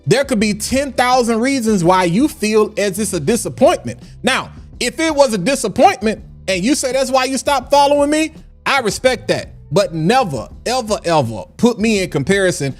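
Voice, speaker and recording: A man hosting a casual livestream, talking in a preachy way and repeating lines for emphasis. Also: on the high side. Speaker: livestream host.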